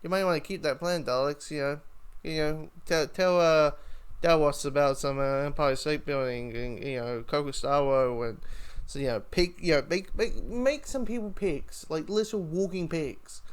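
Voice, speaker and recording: A man talks through a TV episode review in a loose, rambling way, with a somewhat high voice. He keeps stopping and restarting his sentences. It sounds like casual chat, not a script. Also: moderate pace, clean tone. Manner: rambling, lots of fillers and restarts.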